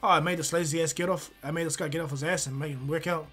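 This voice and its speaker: Bloke doing a laid-back ninja sensei, chill and casual, lightly high voice. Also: male voice, steady tone, rapid-fire, fairly bright tone, breathy edge, soft background music. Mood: boastful. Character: laid-back male ninja teacher, adult.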